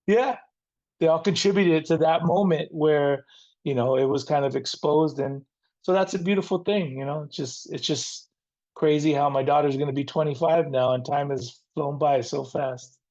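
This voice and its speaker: A man's voice: a little high, normal speed, darkish tone, lo-fi sound. A middle-aged man from the San Diego area, a rock frontman telling his life story as an interview guest in an earnest, reflective way. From San Diego area, near the Mexican border. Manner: earnest, reflective, faith-centered.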